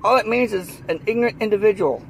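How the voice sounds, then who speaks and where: A man's voice: high voice, fast talker, vocal fry, slight background noise. A man with a Southern US accent in a heated, rambling monologue, repeating himself and leaning on fillers. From Southern United States. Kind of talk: ranting monologue.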